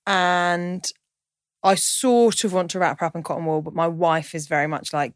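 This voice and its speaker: A woman's voice: lowish voice, moderate pace, no room sound, studio quality. A woman in her thirties, a comedian guest, talking candidly with chatty, self-deprecating asides. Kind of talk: candid conversational chat.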